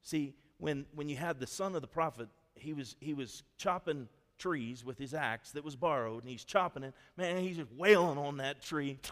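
Animated preaching man in a reverberant hall. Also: on the high side, normal speed, hardly any pauses. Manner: animated storytelling, acts out quotes. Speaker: pastor. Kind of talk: sermon.

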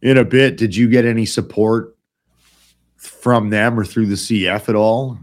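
A man's voice: lowish voice, steady tone, measured pace. A middle-aged man hosting a casual podcast, blunt and rambling, swearing often. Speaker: podcast host.

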